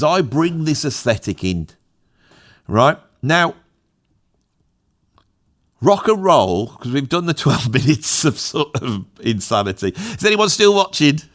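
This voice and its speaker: A middle-aged English man talking off the cuff in a rambling, self-mocking vlog. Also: on the high side. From England. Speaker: YouTuber, musician. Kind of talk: rambling unscripted vlog monologue.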